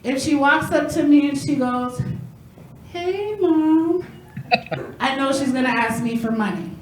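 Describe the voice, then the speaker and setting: A woman's voice: high-pitched, steady tone, a little fast, echoey room, a little hiss or hum, rough recording. A woman in her thirties doing a stand-up comedy set. She talks in a chatty, self-mocking way and often laughs at her own jokes. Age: 30s.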